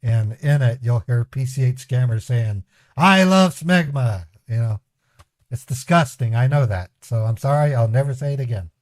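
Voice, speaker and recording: Man telling rambling stories, mellow voice. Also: mid-range voice, normal speed, dry recording. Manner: rambling, chuckling anecdotes with voiced quotes. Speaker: scambaiting livestream host. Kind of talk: casual storytelling to a live chat.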